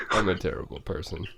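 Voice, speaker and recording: A young man co-hosting a podcast in casual chat, telling stories with swearing and bursts of laughter. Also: lowish voice. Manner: animated, swearing, laughing storyteller. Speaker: podcast co-host. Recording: noisy home recording.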